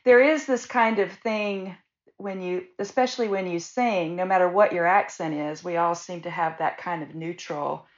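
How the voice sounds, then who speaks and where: A woman in a casual chat, speaking thoughtfully and softly. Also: on the low side, steady tone, normal speed. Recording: dull lo-fi sound.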